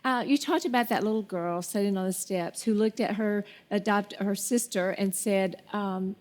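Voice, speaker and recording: A woman's voice: medium pitch, normal speed, darkish tone. A woman hosting a Christian talk show, speaking with effusive, faith-filled encouragement.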